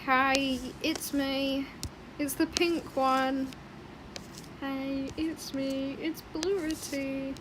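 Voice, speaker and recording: A woman voicing a silly little cartoon ball creature, speaking slowly in a drawn-out, goofy way. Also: high-pitched, level tone, background noise.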